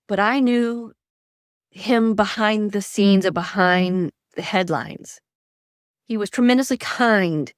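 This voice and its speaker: A middle-aged woman, a guest author, telling stories in an animated way and acting out quoted dialogue. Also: medium pitch, no echo, studio quality. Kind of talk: conversational storytelling.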